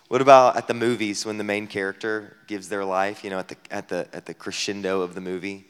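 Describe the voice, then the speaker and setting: A man preaching a sermon as a pastor at a camp gathering, talking conversationally with many rhetorical questions, dropping to a hush and then rising loud. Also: fairly low pitch, flat delivery, a little fast, hardly any pauses, smooth. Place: camp meeting hall. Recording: long hall reverb.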